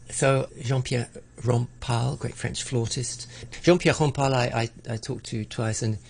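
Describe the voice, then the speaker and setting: A man's voice: medium pitch, steady tone, slow pace, vocal fry, husky. A middle-aged man in a conversational interview, talking reflectively with frequent restarts and stammered repeats. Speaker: interviewee, arts broadcaster.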